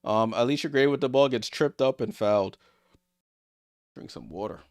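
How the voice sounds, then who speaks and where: A man streaming a basketball watchalong, calling plays in casual, excitable, joking commentary. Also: mid-range voice, normal speed, no echo, studio quality. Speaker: streamer hosting a game watchalong. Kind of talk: casual live play-by-play commentary.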